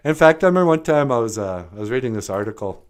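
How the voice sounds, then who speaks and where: A man's voice: medium pitch, expressive, quick pace. A man with an Ojibwe reservation English accent, co-hosting a podcast and telling a story in loose, joking casual chat.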